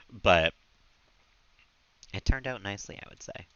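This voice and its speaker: A man with a lowish, lively voice speaks slowly in a sharp, clean tone, captured dry on slightly dull stream mic audio. He's streaming a game from a room at home, giggling and chatting casually with his viewers and his pet in relaxed gameplay commentary.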